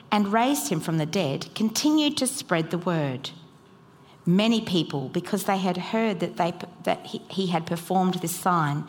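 A woman reading scripture aloud in church, slow and measured. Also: lowish voice. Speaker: scripture reader. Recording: roomy hall with faint ambience.

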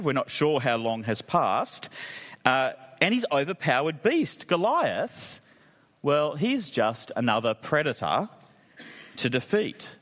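A man preaching a sermon with an animated voice that rises and falls a lot. He keeps it conversational and drops in jokey asides. A long reverb rings around him, as in a church hall. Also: fairly high pitch.

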